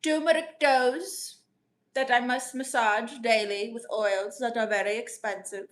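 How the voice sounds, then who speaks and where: A woman comedian voicing a brash, self-assured customer-service rep who calls everyone baby, in a deadpan improvised livestream. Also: fairly high pitch, a little slow, close to an everyday voice.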